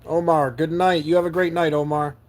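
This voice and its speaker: Earnest man with a slightly high voice. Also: little pitch movement, brisk. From New York State. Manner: earnest, heartfelt, repeats words while searching for them. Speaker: live-stream host. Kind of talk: live stream reading viewer comments. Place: camper van.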